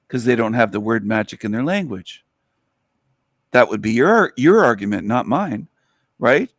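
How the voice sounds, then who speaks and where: A man's voice: medium pitch, no echo. Sarcastic ranting man, dry close sound. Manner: emphatic, repeats phrases. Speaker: host. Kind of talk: solo podcast commentary.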